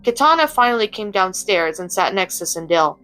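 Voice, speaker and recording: A woman reading a fan story aloud in plain, steady narration. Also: medium pitch, brisk, soft background music, rough recording. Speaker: story reader.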